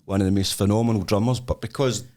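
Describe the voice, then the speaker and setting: A man with a Scottish accent, co-hosting a podcast and telling stories in a studio, his voice leaping up high when he gets excited. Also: fast talker. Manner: animated storyteller, voice jumps up high when excited. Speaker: podcast co-host. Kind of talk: casual chat, storytelling.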